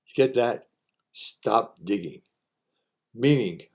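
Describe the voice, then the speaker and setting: A man's voice: mid-range voice, animated, takes it slowly, pauses often, a little mellow. A man hosting a folksy monologue of homespun advice, repeating each saying for emphasis. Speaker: host sharing sayings.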